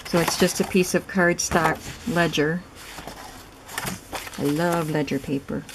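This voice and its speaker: Low-voiced woman chatting over crafts. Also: steady tone, unhurried, noisy background. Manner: soft, chatty, admiring, thinking aloud. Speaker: craft vlogger showing a gifted journal. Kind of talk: casual show-and-tell narration.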